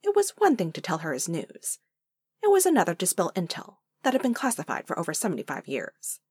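Expressive female narrator for fiction; husky, animated, dry close sound. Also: on the low side, brisk, no echo. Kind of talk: fiction audiobook reading.

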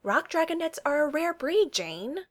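A woman's voice: medium pitch, very animated, normal speed, fairly bright tone. Woman reading a wry young dragon keeper. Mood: teasing. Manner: playful, sarcastic deflecting.

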